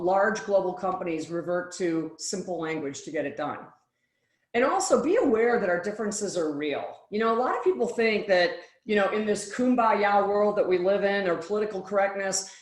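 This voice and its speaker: A woman in mid pitch giving a keynote presentation, her voice carrying with a roomy echo around her. She tells her story in an animated way and acts out the lines of the people she quotes. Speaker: speaker.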